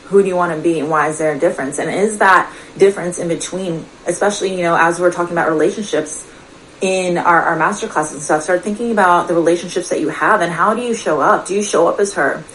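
A woman with a lowish voice gives an earnest, confiding motivational talk. She speaks as a coach, turning often to ask her listeners pointed questions. A faint hiss sits under her voice. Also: rough recording. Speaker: personal development coach. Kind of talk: motivational direct-to-camera talk.

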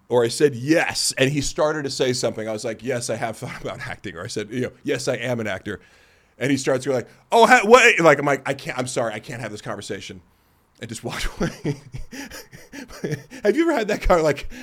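A man hosting a podcast in casual chat, rambling and self-deprecating, acting out other people's lines as he tells stories. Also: medium pitch. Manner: rambling and self-deprecating, acts out quoted voices. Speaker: podcast host.

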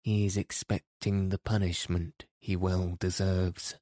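A man's voice: sits low, level tone, measured pace, dark tone, no echo, clean studio sound. A man reading a stern old mountain uncle. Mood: curt. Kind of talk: audiobook character reading.

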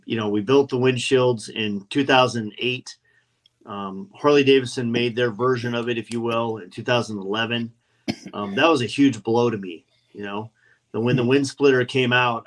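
A man's voice: medium pitch, fairly bright tone, rough recording. A man, a podcast guest, telling anecdotes in casual talk and acting out the quoted voices. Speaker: guest, custom motorcycle builder.

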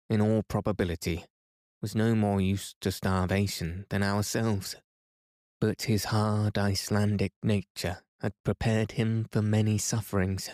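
A man reading a classic novel aloud as a calm bedtime story, soft and even. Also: on the low side, no echo, studio quality.

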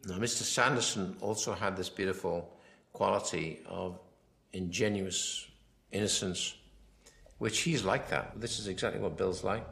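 A film director giving a rambling commentary, full of anecdotes, often quoting himself and others. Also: male voice, sits low, moderate pace, vocal fry, fairly bright tone.

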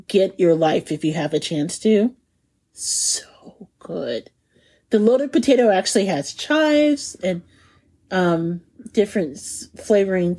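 Husky-voiced woman hosting a food podcast. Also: medium pitch, warm tone. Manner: enthusiastic, laughs often, savoring descriptions. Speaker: podcast host. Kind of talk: casual food podcast chat.

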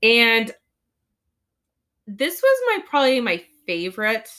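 Animated chatty woman podcast host. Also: on the high side. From Southern California. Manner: chatty, animated, quick retelling with acted-out quotes. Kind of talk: casual chat recapping a cartoon.

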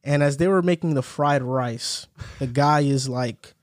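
A man's voice: medium pitch, no echo, studio quality. A young man hosting a casual sports podcast, chatting with friends, telling a story through laughs and rattling off a ranked list. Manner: laughs while telling stories, reads lists quickly. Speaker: podcast host.

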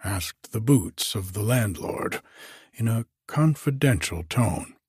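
A man reading a novel aloud as narrator, in a measured, expressive storytelling manner. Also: lowish voice, slightly rough, dry recording, studio quality.

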